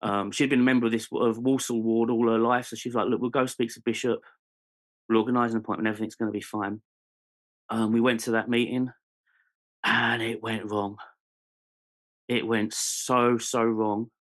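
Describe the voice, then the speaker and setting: This forties-aged podcast guest from England has a lowish, fairly bright voice and a British accent. He tells his life story earnestly and candidly, searching for words with frequent ums and restarts.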